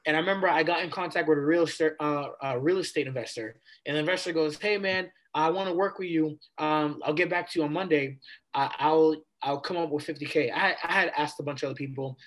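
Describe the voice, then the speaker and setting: Animated young man telling a story. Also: a little high, fast. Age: 20s. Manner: animated, replays conversations with casual slang. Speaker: podcast guest. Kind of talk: casual storytelling.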